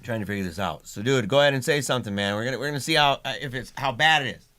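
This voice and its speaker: Chatty middle-aged man hosting a livestream, mid-pitched, laughs easily, restarts often. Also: racing, pushed and bright. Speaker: livestream host and father. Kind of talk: casual livestream chat.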